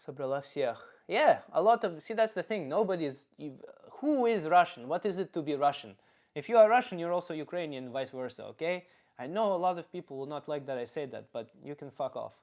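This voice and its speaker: A man's voice: a little high, expressive, a little fast, a little mellow. Profane, rambling streamer man. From Canada. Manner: rambling, profane, reads chat aloud. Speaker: comedian streamer. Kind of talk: casual live stream chat.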